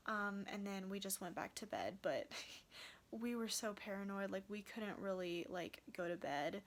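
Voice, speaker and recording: A woman's voice: mid-range voice, animated, measured pace. A young woman in college, telling a story in a casual vlog, rambling with lots of "like" and "um", tired. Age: young adult. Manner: rambling, heavy use of "like" and "um". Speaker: vlogger.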